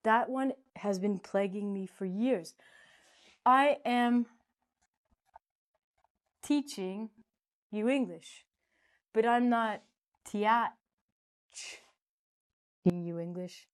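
Playful, slow-talking woman teaching English. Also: medium pitch. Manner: playful, chatty, jumps between loud and soft. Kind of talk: casual spoken lesson.

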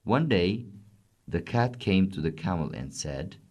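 A man reading a children's story aloud in simple, clear sentences. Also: sits low, expressive, measured pace, heavy background noise.

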